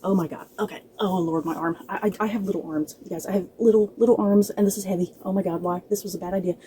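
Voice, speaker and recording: A chatty woman vlogger talks straight to the camera while out of breath, often stumbling over her words and laughing. Her voice is very dark and mellow. A faint hiss of noise sits under it. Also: medium pitch, steady tone, quick pace, low-quality recording. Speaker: book vlogger. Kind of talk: casual chat to camera.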